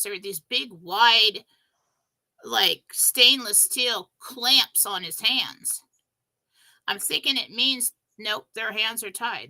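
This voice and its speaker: Woman host, very bright tone, breathless, emphatic, animated spiritual story. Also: on the high side, poor audio. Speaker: show host.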